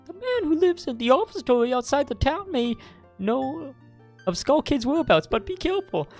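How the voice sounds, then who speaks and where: A man doing a high, formal great fairy. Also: sing-song, faint music behind, full character voice. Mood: gentle. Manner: slow, formal and gentle. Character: gracious female great fairy of magic.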